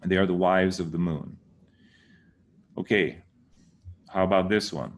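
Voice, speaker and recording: Man, deep voice, unhurried, patient teacher, repeats words over and over. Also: vocal fry. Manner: slow, patient, repeats words to correct them. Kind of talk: casual lesson.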